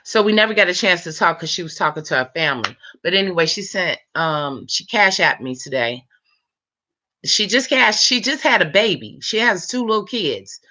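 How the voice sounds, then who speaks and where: A woman of about fifty chatting late at night, telling a long story time in an animated, rambling way with lots of fillers. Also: fairly low pitch, normal speed. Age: 50s. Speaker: vlogger.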